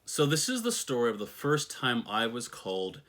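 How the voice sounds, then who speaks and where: A man's voice: mid-range voice, huge pitch swings, normal speed, a bit bright. A man telling a story from his own life in a thoughtful, reflective way, with the odd wry aside. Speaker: personal storyteller. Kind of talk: reflective personal storytelling monologue.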